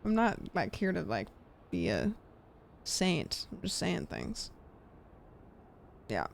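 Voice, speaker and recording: A young woman streamer chatting casually while gaming, rambling with lots of fillers and trailing off quietly. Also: on the low side, huge pitch swings, takes it slowly, gravelly, a little hiss or hum.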